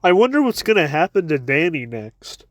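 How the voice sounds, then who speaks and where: A man's voice: a little high, big pitch swings, moderate pace, no room sound. A man giving a casual chapter review with wry asides, often stammering and repeating his words.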